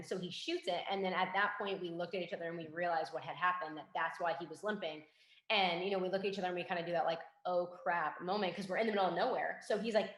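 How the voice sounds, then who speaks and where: A young woman, a forensic investigator, telling a story in a casual interview and acting out the quoted dialogue in a lively way. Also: fairly low pitch. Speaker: guest, forensic investigator and K9 handler. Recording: roomy echo.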